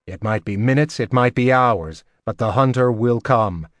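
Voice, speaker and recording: A man voicing a wry older male assassin mentor who talks in a dry, measured, instructive way. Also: mid-range voice, dry recording, close to an everyday voice. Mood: instructing.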